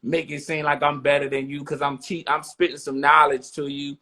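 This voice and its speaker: Man, blunt streetwise podcast talk, gravelly, bright edge. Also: a little high, level tone, a little fast. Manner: blunt, streetwise, repeats "you know what I'm saying". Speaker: podcast co-host.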